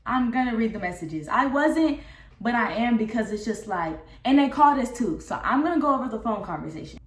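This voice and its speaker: A young woman talks straight to her viewers in a casual storytime vlog, swearing freely as she lays out a falling-out. Her voice sits a little high. The room around her adds a noticeable echo. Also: brisk. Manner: candid, profane, animated retelling of a dispute. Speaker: vlogger. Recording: roomy echo.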